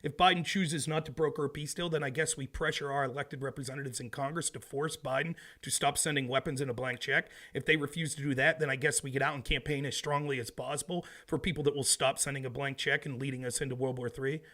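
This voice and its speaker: A man's voice: medium pitch, quick pace, few pauses. A man hosting a solo political commentary show, from the United States, talking with a sarcastic, mocking edge. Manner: sarcastic, mocking impressions, grows loud and animated.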